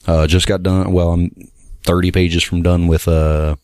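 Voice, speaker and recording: A man's voice: low voice, level tone, unhurried, a little mellow, clean tone, no room sound, studio quality. A man in casual chat, laid-back and swearing, with many yeahs and hesitant uhs.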